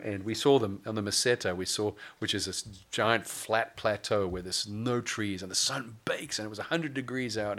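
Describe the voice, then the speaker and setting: A pastor with a fairly low voice delivers a sermon in an easygoing, conversational style. He shifts between scripture and light, humorous asides, sometimes slowing down to stress a point.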